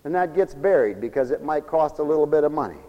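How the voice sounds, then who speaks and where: A man with a high voice preaches an emphatic, folksy sermon. He tells stories and calls for amens. His voice rings out with a long reverb, as in a large hall. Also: expressive, fast talker, highs cut off.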